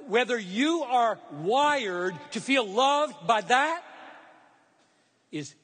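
A male preacher with a notably high voice delivers an earnest, emphatic sermon. He slows down to lean on key phrases as he explains scripture. His voice carries a long reverb from a large hall. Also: fairly bright tone.

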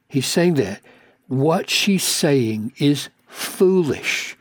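A male preacher gives a sermon in a slow, husky voice. He presses rhetorical questions and builds to emphatic, high-pitched peaks. The recording is dry and close to the mic. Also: no echo.

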